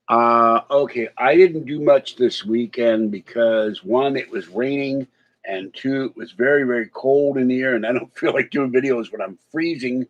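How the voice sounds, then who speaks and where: Rambling, chatty man on a lo-fi recording. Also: medium pitch. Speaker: vlogger. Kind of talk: casual chat to camera. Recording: slightly dull lo-fi sound.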